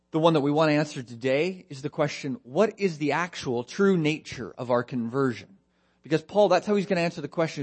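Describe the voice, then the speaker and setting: A man's voice: a little high, a little mellow. A man preaching an expository sermon, posing rhetorical questions in earnest, stressing key phrases and dropping his voice on grave points. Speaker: pastor.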